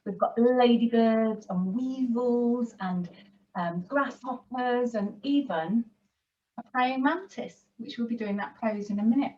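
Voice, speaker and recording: A woman leads a children's yoga class, giving gentle, encouraging instructions. She speaks slowly in a slightly high voice. The sound is distant and dull, as if picked up from across a room. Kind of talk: guiding a kids' yoga class.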